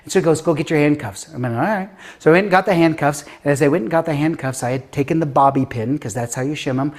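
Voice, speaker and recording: A man's voice: fairly high pitch, quick pace. A man in his fifties from Denver, a guest author telling a story in an interview and acting out the voices of people he quotes. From Denver, USA. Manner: animated, acts out quoted voices with filler words.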